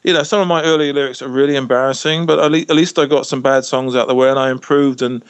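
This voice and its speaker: Speaking fast at a medium pitch, this English musician keeps his intonation fairly even, and the tone is clean with no room sound. He's a guest in a casual interview over video call, telling stories chattily, often restarting and saying "you know."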